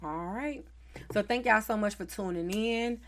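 A woman's voice: mid-range voice, measured pace, fairly bright tone, slight background noise. A woman from North Carolina with a Southern accent, hosting a podcast in a chatty, easygoing, slangy way. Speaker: podcast host. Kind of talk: casual podcast chat.

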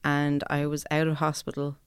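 A woman's voice: low-pitched, completely flat delivery, moderate pace, clean tone, no room sound, studio quality. A young woman telling candid stories in casual chat as a guest reviewer, swearing freely.

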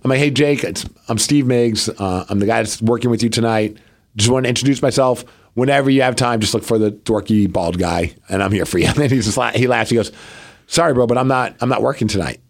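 A podcast co-host who is also a local wrestler tells a story animatedly in casual chat, acting out the people in it with quoted dialogue. His voice is lowish, brisk, and gravelly.

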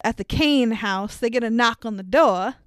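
Laughing, higher-voiced woman chatting about a movie. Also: normal speed, clear, resonant tone, no room sound. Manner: laughs often, swears casually, acts out quotes. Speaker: podcast co-host. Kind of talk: casual movie recap chat.

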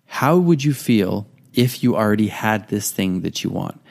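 A man's voice: lowish voice, lively intonation, measured pace, gravelly, a little mellow. A man hosting a podcast, talking earnestly in a casual monologue and sometimes acting out inner voices. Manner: earnest, conversational, acts out quoted inner voices. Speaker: podcast host, artist.

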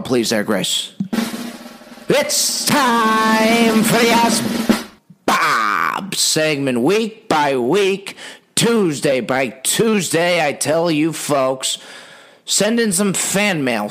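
A man hosting a podcast, telling a funny story in an animated, rambling, wry way. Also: a little high. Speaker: podcast host. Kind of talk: comedic storytelling monologue.

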